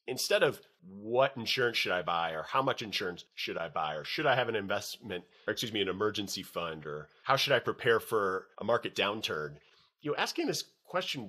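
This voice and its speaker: A man hosting a finance podcast, asking long, measured interview questions. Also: lowish voice, bright, forceful tone, husky. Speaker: podcast host. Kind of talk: interview host.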